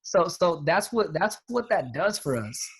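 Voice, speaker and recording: Man sales coach, emphatic slangy pep talk, a bit high-pitched. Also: very animated, measured pace, breathy edge. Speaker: sales team leader and coach. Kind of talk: motivational talk on a team call.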